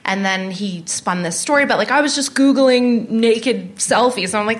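A woman's voice: fairly high pitch, moderate pace, few pauses, a bit bright. A woman comedian guest in a casual podcast chat, telling candid anecdotes.

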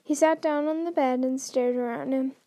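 A woman's voice: high-pitched, steady tone, moderate pace, dark tone, no room sound. A woman hosting a podcast, reading a book aloud in an unrehearsed way, often stumbling and restarting lines. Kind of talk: unrehearsed read-aloud narration.

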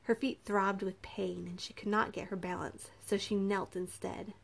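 A woman narrating a novel in an even storytelling manner. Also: medium pitch, moderate pace, gravelly. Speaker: audiobook narrator. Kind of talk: scripted narration.

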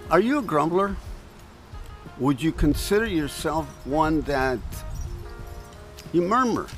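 A man's voice: a little high, lively intonation, takes it slowly, fairly bright tone, faint music behind, low-quality recording. A man giving a conversational devotional talk outdoors in a breeze, asking his listeners questions. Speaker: preacher. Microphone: camera on a stand.

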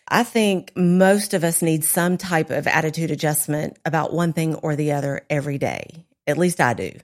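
A woman co-hosting a casual chat, candid and self-deprecating, speaking to listeners. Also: low-pitched. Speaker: podcast co-host.

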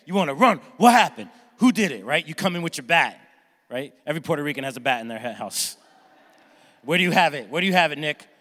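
A middle-aged man preaching a lively, joking sermon to his congregation. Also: a little high, quick pace, big-room sound. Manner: energetic, jokey, acts out family members with shouts. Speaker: pastor. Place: church sanctuary with congregation.

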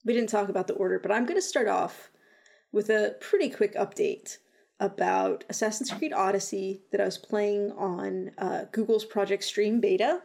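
A woman co-hosts a casual gaming podcast, joking along with dry, teasing remarks. Her voice sits at an ordinary pitch for a woman, and she talks in a relaxed, chatty way. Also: moderate pace, creaky. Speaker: podcast co-host. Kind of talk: casual chat.

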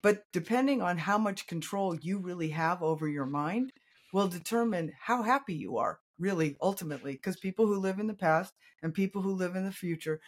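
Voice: medium pitch, a little fast. A life coach in a podcast conversation who explains things earnestly and easily. The speaker often quotes clients' words and checks in with listeners along the way. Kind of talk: conversational interview.

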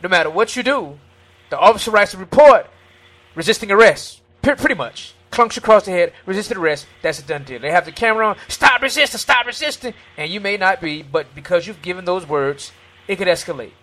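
A man talking earnestly in a faith-based discussion, his voice a little higher than most and bright, with a forceful edge. He quotes scripture and acts out little scenes of dialogue as he makes his case. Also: lively intonation, fairly quick.

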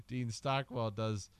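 A man co-hosting a film podcast, rambling and joking, sometimes shouting out quoted lines. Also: mid-range voice, clear, resonant tone, dry recording. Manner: rambling, jokey, acts out lines in loud bursts. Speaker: podcast co-host. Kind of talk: casual film discussion.

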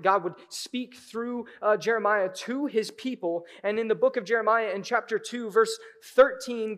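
A man preaching a sermon in a church, moving from hushed, intimate moments to loud, urgent cries. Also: high-pitched. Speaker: pastor. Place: church sanctuary.

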